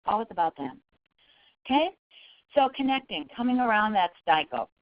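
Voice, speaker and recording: Brief: woman trainer, webinar talk, animated pitch, dry slightly dull audio. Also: moderate pace, no echo. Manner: lively, folksy, with acted quotes. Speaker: fundraising trainer. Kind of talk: webinar presentation.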